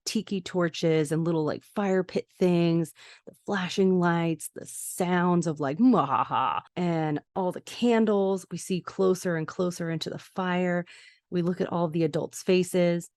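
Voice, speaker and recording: A woman's voice: fairly low pitch, warm tone, dry recording, clean studio sound. A young woman hosting a podcast, casually recapping a TV episode and acting out the characters' lines as she goes. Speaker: podcast host.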